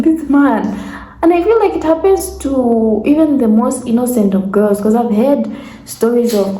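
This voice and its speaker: A woman in her twenties from Zambia tells a casual story to her vlog audience, with animated laughing asides and acted-out quotes. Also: on the high side, normal speed. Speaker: vlogger. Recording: echoey room with faint ambience.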